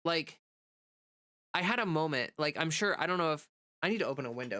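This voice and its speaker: A woman content creator, nasal and congested with a cold, livestreams in casual chat and goes through viewer comments. Low-pitched and a little bright, she talks briskly and animatedly, rambling with lots of fillers.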